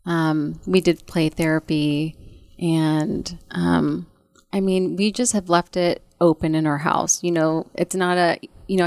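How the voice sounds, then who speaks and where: Guest, woman, 30s, low and gravelly, hesitant and gentle, dry close mic. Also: no room sound. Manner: soft, halting, many fillers and restarts. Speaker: guest, bereaved mother. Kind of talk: casual conversation.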